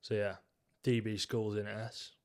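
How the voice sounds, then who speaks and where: This is a young man with a lowish voice, co-hosting a relaxed podcast. He speaks with opinionated confidence and a joking edge. He moves the conversation along briskly. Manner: opinionated, joking, leads the ranking. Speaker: podcast co-host. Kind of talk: casual gym chat.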